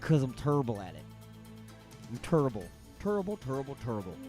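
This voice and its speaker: A man's voice: mid-range voice, sing-song, fast, warm tone, faint music behind. A man hosting a radio show, riffing on odd news stories in a rambling, mock-outraged way.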